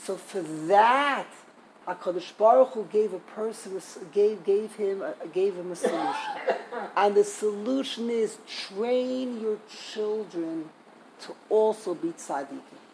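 A man's voice: high voice, measured pace, noisy background. An older man giving an informal Torah class, emphatic and indignant, repeating himself for stress. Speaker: Torah teacher.

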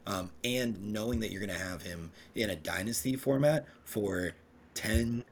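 Emphatic, opinionated low-voiced man. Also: a little hiss or hum. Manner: emphatic, opinionated, jumps between fast and drawn-out phrasing. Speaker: podcast co-host. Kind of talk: casual podcast chat.

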